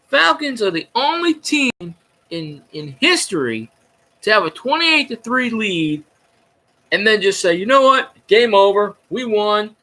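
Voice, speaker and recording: Guy rambling on his stream, swears a lot, kinda high voice, jokey. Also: pushed and bright. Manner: rowdy, profane, jokey fan ranting. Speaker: sports fan streamer. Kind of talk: casual rambling livestream chat.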